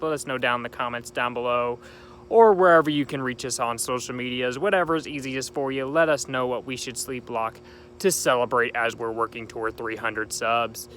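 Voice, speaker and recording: A young man hosts a casual game playthrough, chatting and rambling in an upbeat way. His voice sits at a medium pitch, recorded outdoors at night with a faint hum in the background. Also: fairly bright tone. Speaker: gaming channel host. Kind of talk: casual let's-play commentary.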